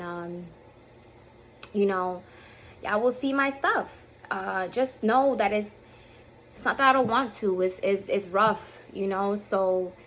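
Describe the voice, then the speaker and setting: A woman's voice: medium pitch, fairly bright tone, a little hiss or hum, poor audio. A woman in her thirties vlogging to camera in a candid, rambling way, with a lot of fillers, at times close to tears. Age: 30s. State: emotional, near tears at times. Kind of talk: casual heartfelt talk to camera. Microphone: phone or camera on self.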